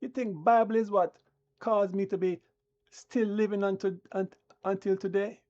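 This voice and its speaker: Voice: medium pitch, steady tone, moderate pace, a little mellow, dull audio. A channel host delivering a combative, preachy live-stream rant that talks down to the viewers.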